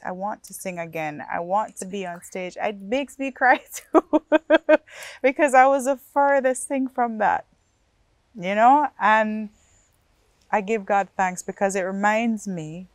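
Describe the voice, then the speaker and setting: A woman talking about her life as an interview guest, heartfelt and pausing thoughtfully between phrases. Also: medium pitch, no room sound.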